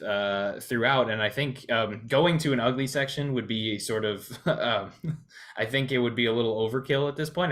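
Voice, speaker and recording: A man co-hosts a podcast and discusses a movie in a relaxed, conversational way. He hesitates a lot, restarting sentences and filling gaps with "um" and "uh." His voice sits at an ordinary middle pitch. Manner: hesitant, many restarts and fillers. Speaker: podcast co-host. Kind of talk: casual film discussion.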